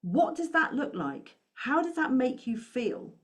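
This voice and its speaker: A woman's voice: high voice, big pitch swings, measured pace. A woman speaking as a money coach, giving an encouraging talk to camera and asking the listener questions.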